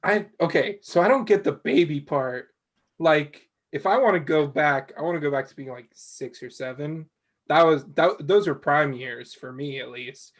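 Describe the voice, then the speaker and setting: A man in his twenties with a somewhat high voice talks in an easygoing way. He is quick to laugh during a relaxed podcast conversation. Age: 20s.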